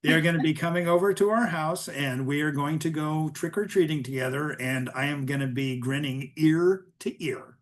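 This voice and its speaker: An older man speaks on a video call, his voice sitting a little higher than most men's. He chats loosely as an author guest, trailing through ums and restarting his sentences. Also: moderate pace, hardly any pauses. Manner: chatty, many ums and restarts. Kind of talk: casual webinar conversation.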